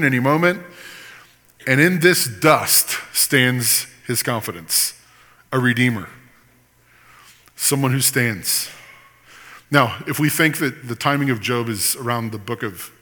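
A man's voice: medium pitch, pushed and bright. Preaching man in a reverberant hall. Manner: impassioned preaching, reading scripture aloud with teaching asides. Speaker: pastor. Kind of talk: sermon. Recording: long reverb of a large hall.

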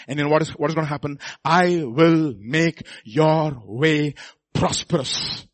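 A man preaching a sermon, swinging between quiet asides and loud exhortation and calling the congregation to repeat after him. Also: fairly high pitch, unhurried, no echo. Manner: calls the congregation to repeat lines.

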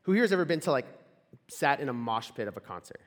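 A campus ministry speaker, young and male, rattles through a casual sermon built around stories, his mid-range voice moving in a sing-song way. He chats with the live audience in a large, echoey hall, leaning heavily on "like" and asking the crowd questions.

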